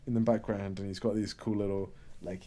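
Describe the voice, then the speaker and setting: A man's voice: lowish voice, level tone, a little fast, warm tone. A man in casual chat as a manga discussion co-host, playful and retelling scenes with amusement.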